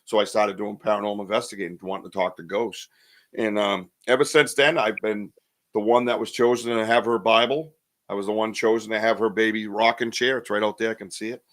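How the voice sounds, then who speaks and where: Low-voiced man in his fifties, storytelling. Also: steady tone, a little fast, fairly bright tone. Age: 50s. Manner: vivid storyteller who acts out what people said. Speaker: podcast host. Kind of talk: casual personal storytelling.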